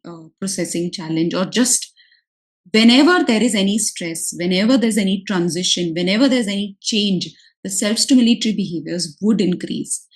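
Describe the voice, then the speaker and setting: An occupational therapist speaks earnestly to parents in a mid-pitched voice. She works through examples and comes back to her key points again and again. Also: rough recording. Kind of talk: advice talk to parents.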